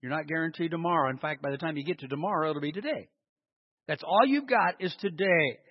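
Speaking fast in a slightly high voice, a man delivers an emphatic sermon. He asks rhetorical questions, then answers them, stressing single words as he goes. An echoey hall and a dull, lo-fi quality mark the audio.

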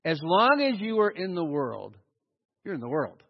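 A man preaching a sermon as pastor, animated and sarcastic, with mocking asides to the congregation. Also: sits high, normal speed, gravelly, long reverb tail, lo-fi sound.

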